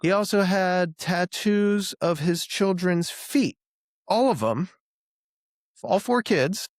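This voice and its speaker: A man in his thirties hosts a podcast, spinning stories with animated, playful exaggeration in a casual chat. His voice sits high and he takes his time. The sound is clean studio quality with no echo.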